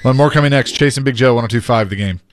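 A man's voice: medium pitch, fast. A man co-hosting a casual sports radio chat, easygoing and earnest, laughing along.

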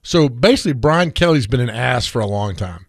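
A man's voice: mid-range voice, animated, a little fast, gravelly, husky, dry recording, clean studio sound. A middle-aged man hosting a sports radio show, chatting casually and telling stories with an easy laugh. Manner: laid-back, storytelling, laughs often.

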